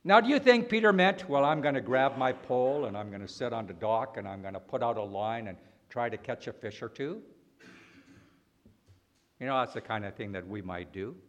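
A man preaching a sermon, slow and deliberate, swinging between loud emphatic lines and quiet ones. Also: mid-range voice, lo-fi sound.

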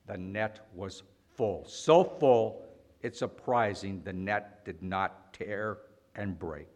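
Animated man preaching a sermon. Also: deep voice. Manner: animated, rhetorical questions, dramatic pauses.

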